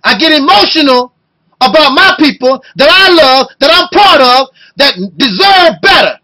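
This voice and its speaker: A man in his fifties delivering an impassioned video rant, talking loud and emotional and firing off rhetorical questions. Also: very high voice, expressive, normal speed, rough recording. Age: 50s. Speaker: video blogger.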